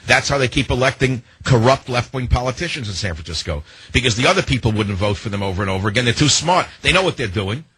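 A man's voice: mid-range voice, fairly bright tone, slightly rough, no echo, rough recording. A man hosting a talk radio show, ranting in an opinionated monologue full of emphatic rhetorical questions, into a studio microphone.

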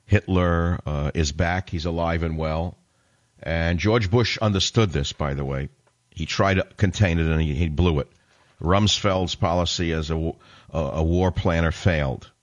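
A very deep-voiced man holds forth on talk radio, indignant and sarcastic as he rants at his listeners. The sound is a little dull and muffled, like an old broadcast. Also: measured pace. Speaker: radio talk show host. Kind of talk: combative talk radio monologue.

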